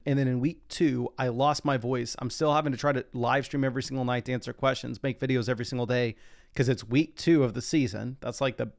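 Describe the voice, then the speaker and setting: Chatty young man with a gravelly voice. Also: mid-range voice. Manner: chatty, reads chat comments aloud. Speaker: fantasy football live streamer. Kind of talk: casual live-stream draft commentary. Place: home desk.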